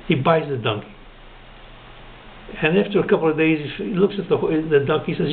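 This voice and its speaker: A man telling a long shaggy-dog joke, chuckling at his own punchlines and slowing down to deliver them. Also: on the high side, animated, vocal fry, slight background noise. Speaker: joke teller. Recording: narrow phone-like sound.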